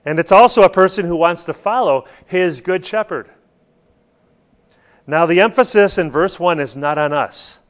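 A man's voice: on the high side, moderate pace. A man preaching a sermon, stressing points and putting questions to his listeners. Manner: rhetorical questions to the congregation, emphatic.

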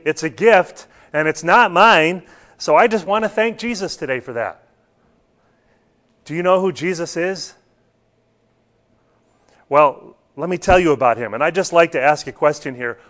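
A man's voice: a little high, animated, moderate pace, a bit bright. A man teaching a church Bible class, talking earnestly and putting questions to his students.

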